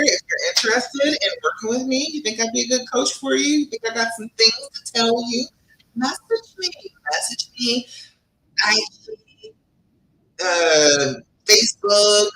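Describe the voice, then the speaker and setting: Bright, lively woman coaching live. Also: fairly high pitch, moderate pace, reverberant, a little hiss or hum, low-quality recording. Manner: emphatic, animated, laughs often, talks straight to viewers by name. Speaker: relationship coach. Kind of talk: live-stream advice session.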